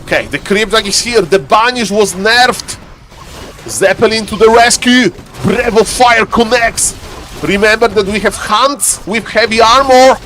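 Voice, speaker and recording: A man streaming live commentary on a strategy game, lively and playful, teasing his chat. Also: measured pace, a little hiss or hum. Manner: lively, playful, keeps saying "ladies and gentlemen"; shifts into a deeper joking voice for a subscriber.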